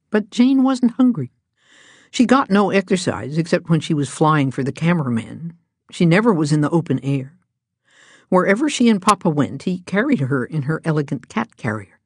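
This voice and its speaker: Woman narrating a children's storybook, low voice, gentle and even, dry close recording. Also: moderate pace, breathy edge, no echo. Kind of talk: storybook reading aloud.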